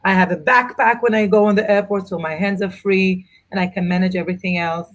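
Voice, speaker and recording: A middle-aged woman, an author and mother of four, chatting in an interview and telling travel stories with animated asides. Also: medium pitch. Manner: animated storyteller, quick asides. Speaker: author and guest. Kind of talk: casual interview chat.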